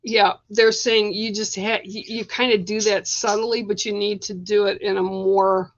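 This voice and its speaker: A woman's voice: medium pitch, level tone, normal speed, lo-fi sound, slight background noise. A middle-aged woman giving spiritual card readings on a casual live stream, chatty and rambling with lots of fillers and restarts.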